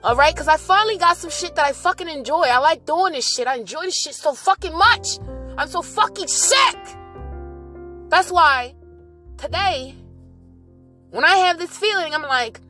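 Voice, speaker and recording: A woman's voice: sits high, animated, normal speed, pushed and bright, soft background music. A woman ranting into a voice memo, swearing heavily and talking to herself about work and money. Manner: heavy swearing, agitated ranting. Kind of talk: profane rambling voice memo.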